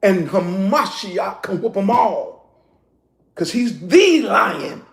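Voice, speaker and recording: High, gravelly preacher man shouting in an echoey room. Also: expressive, slow pace. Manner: shouting, emphatic, laughing, street-talking. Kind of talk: sermon.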